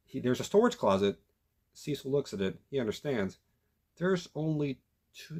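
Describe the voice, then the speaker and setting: A man reviewing a documentary in casual commentary, emphatic and animated, often restarting his sentences. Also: medium pitch, measured pace, gravelly, husky. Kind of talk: casual commentary retelling a story.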